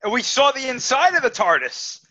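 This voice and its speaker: Male co-host, high and animated, chatty with fillers. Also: moderate pace. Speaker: podcast co-host. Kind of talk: casual podcast chat. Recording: dull lo-fi audio.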